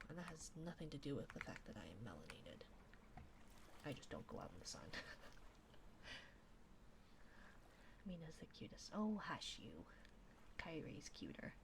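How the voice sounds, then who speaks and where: A woman streamer giving a whispered ASMR livestream chat, softly whispering and giggling. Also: fairly low pitch, heavy background noise. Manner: soft whispering, slow and drawn out, often giggling. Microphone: binaural dummy-head microphone.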